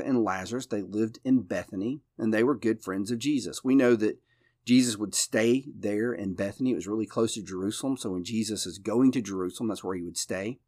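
Pastor for a Bible study talk: a man with a lower voice who explains things thoughtfully and steadily. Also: no room sound, clean studio sound. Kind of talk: conversational Bible study teaching.

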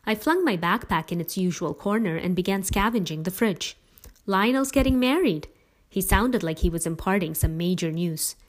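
A woman reads a family story aloud as a lively, expressive narrator. Her voice sits on the low side for a woman. The narration is steady and clear. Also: moderate pace, few pauses.

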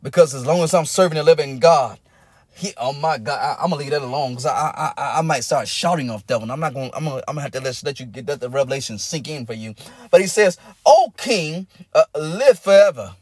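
A man's voice: medium pitch, fast talker, no room sound. A man preaching a sermon, building in rising, intense cadences and breaking into bursts of tongues.

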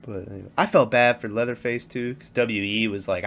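A man's voice: on the low side, fairly even intonation, brisk, creaky, a bit bright. A man in casual movie chat who laughs often, acts out lines from the film and swears freely. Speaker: podcast co-host.

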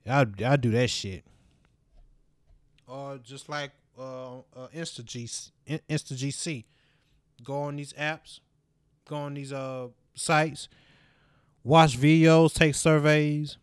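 A man's voice: on the high side, fairly even intonation, takes it slowly, pauses often, clean tone, no room sound, clean studio sound. A man hosting his own podcast, rambling and swearing in a casual solo monologue, laughing often. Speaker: podcast host.

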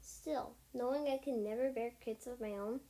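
A woman's voice: a little high, normal speed, mellow, natural voice. A woman voicing a proud, worried she-cat warrior in a first-person storybook reading, with small slips as she reads.

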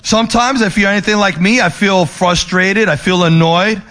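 A male pastor preaching, moving between emphatic raised lines and soft, low ones, with restless repetitions and restarts. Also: fairly even intonation, normal speed. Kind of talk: sermon.

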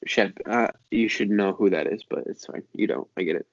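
A man's voice: fairly low pitch, fairly quick. A man hosting a podcast, teasing and sarcastic in casual chat. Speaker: podcast host. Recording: dry, dull lo-fi sound.

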